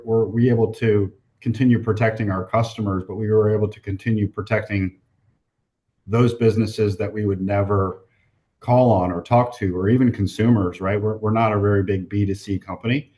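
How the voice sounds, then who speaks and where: A man who is a company president, answering interview questions in a measured way and repeating words at the start of phrases. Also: lowish voice, steady tone, darkish tone.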